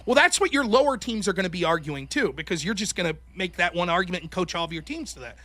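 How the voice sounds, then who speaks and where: A former college debater, here a podcast guest, talks at a quick pace in a high-sitting, expressive voice that's pushed and bright. The casual chat is animated, with constant swearing and impressions of what others said.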